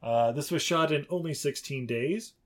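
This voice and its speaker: A man's voice: a little high, normal speed. A man co-hosting a casual movie podcast, joking around, laughing often and swearing freely. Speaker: podcast co-host.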